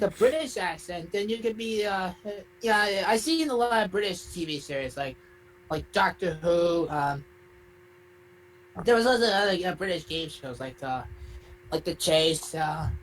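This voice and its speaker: A man's voice: sits high, normal speed, slight background noise, natural voice, low-quality recording. Rambling young male contestant, voiced by a man, hesitant, filler-heavy answers. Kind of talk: fan-made game show role-play.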